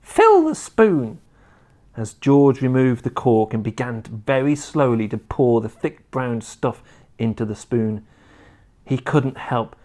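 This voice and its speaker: A man reading a children's book aloud in an expressive storytelling manner. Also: mid-range voice.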